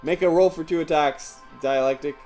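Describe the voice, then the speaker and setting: A man narrating as game master, animated and laughing often, with faint music behind. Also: a little high, normal speed. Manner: animated, laughs often, acts out villains in yelps.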